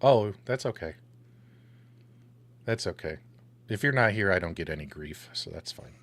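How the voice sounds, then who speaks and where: Laid-back, lower-voiced man rambling on a stream. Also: lively intonation, normal speed, a bit bright, no echo. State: catching his breath. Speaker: co-host of an arcade gaming show. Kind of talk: casual live-stream chat.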